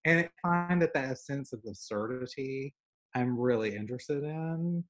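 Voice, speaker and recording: Chatty Southern man, lively storyteller. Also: mid-range voice, a little slow. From American South. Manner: animated storyteller, many fillers. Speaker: artist guest. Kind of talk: casual conversation.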